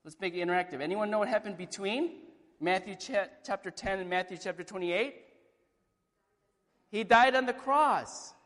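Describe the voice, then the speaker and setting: A man preaching a sermon in a church, animated, posing rhetorical questions and acting out quotes. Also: high-pitched, moderate pace, long reverb tail. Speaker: pastor.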